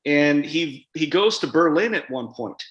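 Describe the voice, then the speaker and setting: A man's voice: fairly high pitch, animated, measured pace, a bit bright, lo-fi sound. A man, an author guest at a live event interview, talking in a chatty, rambling way with many fillers and restarts. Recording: roomy hall sound.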